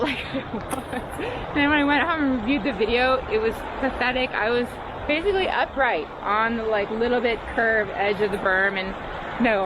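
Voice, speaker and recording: A chatty woman with a somewhat high voice talks casually while riding outdoors. She laughs often and pokes fun at herself. The outdoor noise is clearly audible behind her. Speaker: vlogger reviewing her bike. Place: outdoors on trails and roads. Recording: noisy outdoor recording.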